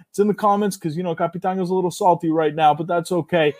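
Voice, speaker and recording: A man in casual podcast chat, talking in a loud, hyped, bro-ish way as a guest. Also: sits high, steady tone, quick pace, few pauses.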